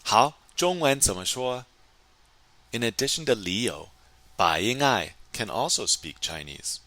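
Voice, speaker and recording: A man teaching a recorded Chinese grammar lesson, explaining in English and slowly modeling sentences in Chinese. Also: on the low side, very animated, bright, forceful tone, no echo.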